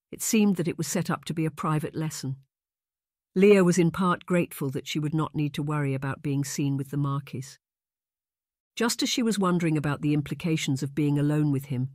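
A man reading a historical romance audiobook aloud in a calm, even storytelling manner. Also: on the high side, no echo, clean studio sound. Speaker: audiobook narrator. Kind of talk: audiobook narration.

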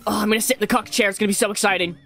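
A gaming host chatting over a voice chat mic with friends, panicking loudly, screaming and joking crudely. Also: mid-range voice, fairly even intonation, rapid-fire, vocal fry. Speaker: channel host playing with friends. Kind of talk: excitable gaming commentary.

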